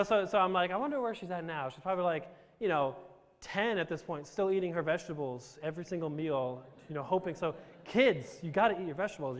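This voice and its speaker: A man's voice: high-pitched, fairly bright tone. A man from Romania telling his life story to a live audience with self-deprecating jokes and rambling restarts. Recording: reverberant hall.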